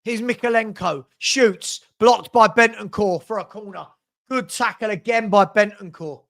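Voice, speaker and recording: A man calling a football match as a fan at home. His commentary is partisan and excitable, getting loud at big moments. It sounds like a casual stream from a home room. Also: sits high, moderate pace, vocal fry. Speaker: fan watch-along commentator. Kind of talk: live match watch-along commentary.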